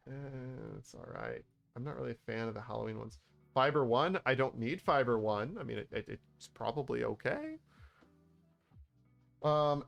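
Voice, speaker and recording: Slow-talking man, playful streamer chatter. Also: mid-range voice, gravelly, fairly bright tone. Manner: playful, mock-exasperated, sighing asides. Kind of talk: casual livestream commentary. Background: faint background music.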